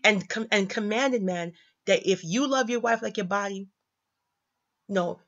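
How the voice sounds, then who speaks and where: A woman's voice: medium pitch, unhurried, a bit bright. Emphatic woman preaching in slang. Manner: emphatic, repeats lines for effect, slangy. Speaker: commentator. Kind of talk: casual religious commentary. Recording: slightly dull lo-fi audio.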